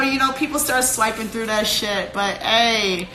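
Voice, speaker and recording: A young woman with a Cleveland accent talks straight into her phone on a live stream, swearing freely and laughing often. Her voice is bright and clear, and the room around her echoes. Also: fairly high pitch, unhurried, hardly any pauses. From Cleveland, Ohio. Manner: profane, animated, laughs often. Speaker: fighter streaming live to followers. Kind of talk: casual live-stream pep talk.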